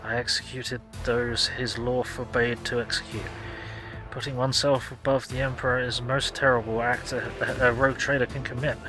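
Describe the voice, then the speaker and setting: A man's voice: mid-range voice, level tone, normal speed, over music, close to an everyday voice, rough recording. A man voicing a zealous, imperious woman who rules as a harsh judge, reading her lines aloud from a game. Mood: contrite. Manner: proclaiming, commanding.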